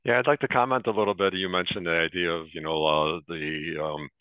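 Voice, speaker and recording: A man's voice: sits low, steady tone, fairly quick, clear, resonant tone, dry recording. A man in his sixties hosting a webinar interview, leading the talk with friendly personal stories. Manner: warm anecdotal, leading the discussion. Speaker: webinar host. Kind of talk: conversational interview. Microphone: video call. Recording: dry, phone-like narrow sound.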